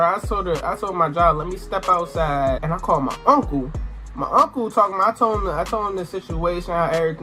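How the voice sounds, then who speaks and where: A young adult man telling a story to camera in a casual, animated way, swearing and exclaiming as he goes. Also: high voice. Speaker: storytime vlogger. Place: indoor room, sit-down recording.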